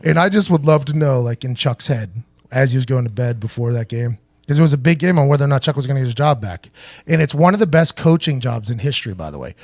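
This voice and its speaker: A man's voice: medium pitch, fast, no echo, clean studio sound. A young man hosting a talk show, telling a long, profane story and acting out what other people said. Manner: animated, profane, acts out other people's lines. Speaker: podcast host. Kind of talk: casual storytelling.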